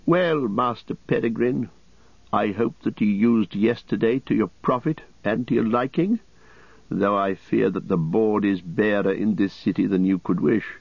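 An aloof old lord, as a male narrator puts him on, formal and measured, with a husky voice raised a little above the reader's own. The recording is dry and slightly dull. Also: on the low side, no room sound, exaggerated voice. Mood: cool.

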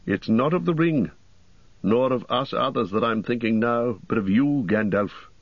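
A man's voice: medium pitch, animated, unhurried, no room sound, highs cut off. A man reading the part of a weary, seasoned ranger in an audiobook, heavy and earnest.

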